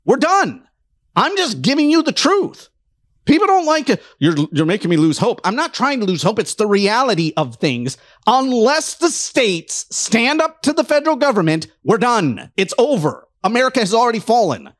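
A man's voice: extremely high pitch, very animated, moderate pace, fairly bright tone, no room sound, clean studio sound. A man delivering an impassioned political rant, heated and emphatic, mocking his opponents in quoted voices. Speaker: political commentator.

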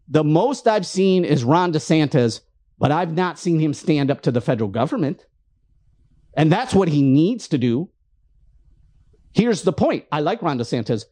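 A man's voice: on the high side, darkish tone. A man hosting a show, delivering a fervent, preachy political rant full of frustration. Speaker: host.

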